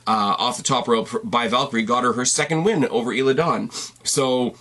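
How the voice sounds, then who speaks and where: A man's voice: mid-range voice, moderate pace, fairly bright tone. Congested, tired man rambling a recap. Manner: rambling, self-interrupting and wry. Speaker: podcast host reviewing wrestling. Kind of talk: casual recap commentary. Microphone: on camera at a desk.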